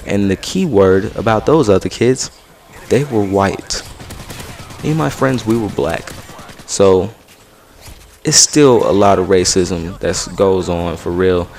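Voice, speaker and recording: A young man in his late teens casually telling a story about himself, slangy and animated, acting out the quotes. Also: deep voice, slow pace, pauses often.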